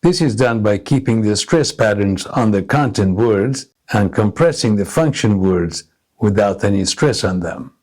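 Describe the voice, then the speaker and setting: Slow, deliberate male lesson narrator. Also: on the low side, lively intonation, darkish tone. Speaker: English teacher.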